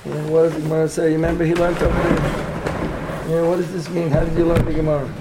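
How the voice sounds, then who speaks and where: A man's voice: fairly high pitch, level tone, fast talker, heavy background noise. A man teaching a Torah class, asking questions and answering them himself. He repeats his points, checks in with a frequent "yeah?", and mixes Hebrew and Yiddish terms into his English.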